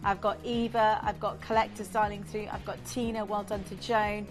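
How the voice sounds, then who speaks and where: A woman presenting a live jewellery auction on a shopping channel, gushing over the stones in rapid sales patter and reeling off bidders' names. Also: mid-range voice, flat delivery, music in the background. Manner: reels off bidder names and congratulations.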